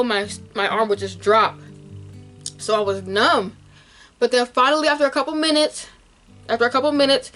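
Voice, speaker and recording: A young woman vlogger, emotionally retelling a frightening medical episode in a casual, animated way to camera. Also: on the high side.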